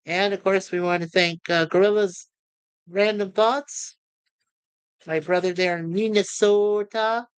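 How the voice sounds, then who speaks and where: Chatty man with a smooth, dry voice. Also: high voice, steady tone, unhurried, no room sound. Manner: chatty and rambling. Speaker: livestream host. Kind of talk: casual livestream chat.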